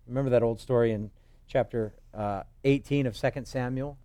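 Delivering an expository sermon, the pastor speaks in a steady, mellow mid-range voice at a slightly fast clip, on a dry recording. He slips into joking asides while telling stories conversationally and acts out the voices he quotes.

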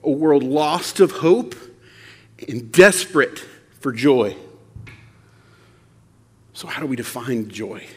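A man preaching a sermon, conversational and animated, asking the audience rhetorical questions. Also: medium pitch, slow pace, pauses often, husky, big-room sound. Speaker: pastor.

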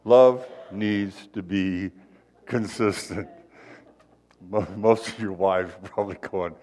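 A man's voice: deep voice, unhurried, a little mellow. A male pastor giving a conversational sermon in a folksy, chatty way, full of asides and rhetorical questions.

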